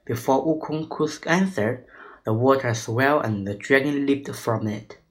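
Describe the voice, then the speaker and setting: A man reading a storybook aloud to children, in slow, careful, non-native phrasing. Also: mid-range voice, rough recording.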